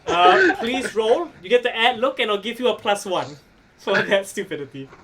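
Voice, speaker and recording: A man running a tabletop wrestling game as game master, animated, laughing and swearing casually. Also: extremely high pitch, moderate pace, a little hiss or hum.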